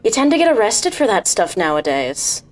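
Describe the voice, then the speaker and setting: A woman's voice: medium pitch, very animated, moderate pace, close to an everyday voice. A woman voicing a brash, hard-drinking female sylph sky pirate who teases everyone. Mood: boozy swagger. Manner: sassy and teasing.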